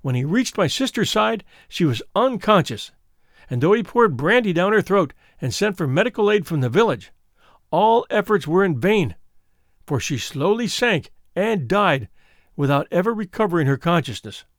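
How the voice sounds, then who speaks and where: A man reading the part of a frightened young woman who recounts her twin sister's death, in an earnest, measured storybook telling. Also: high-pitched, big pitch swings, dry recording, clean studio sound. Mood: fearful. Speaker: audiobook reader.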